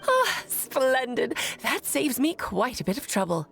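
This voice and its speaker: A woman's voice: high-pitched, very animated, measured pace, vocal fry, fairly bright tone, faint music behind, heavily acted. An actress voicing a playful, mysterious grown woman mage with a teasing, theatrical manner.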